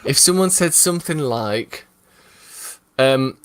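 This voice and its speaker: A man's voice: mid-range voice, animated, normal speed, fairly bright tone, no echo. A man from England co-hosting a casual live stream, chatty and explaining things with asides and fillers. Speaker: co-host.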